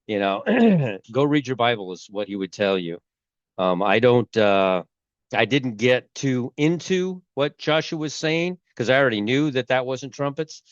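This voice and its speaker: A man hosting a casual religious commentary video, rambling and halting, with a cold and a sore throat. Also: mid-range voice, lively intonation, dry recording, muffled recording. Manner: rambling, halting, many restarts. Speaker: YouTube host.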